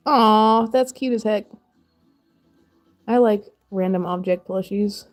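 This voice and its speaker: A woman's voice: medium pitch, slow, soft background music. A woman in her thirties chatting casually while crafting on a stream, rambling and laughing often.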